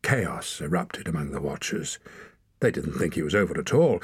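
A man's voice: low-pitched, animated, moderate pace, slightly rough, dry recording, studio quality. A man narrating a story as an audiobook reader, reading expressively. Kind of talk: scripted narration.

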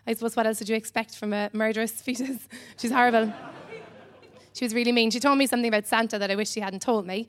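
A woman's voice: on the high side, steady tone, quick pace, some chatter behind. Irish woman doing rambling stand-up. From Ireland. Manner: rambling, dry delivery with many "um"s. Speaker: stand-up comedian. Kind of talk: stand-up comedy. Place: comedy club stage.

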